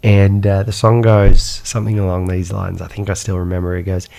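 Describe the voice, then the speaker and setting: A man telling his life story as a podcast guest, animated, with repeated words and rhetorical questions. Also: deep voice, a little fast, vocal fry. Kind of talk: personal storytelling in a podcast interview.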